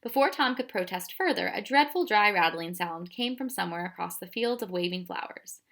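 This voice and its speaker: A woman reading a children's storybook aloud in a soft, even voice. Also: mid-range voice, brisk. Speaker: audiobook reader. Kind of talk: storybook narration.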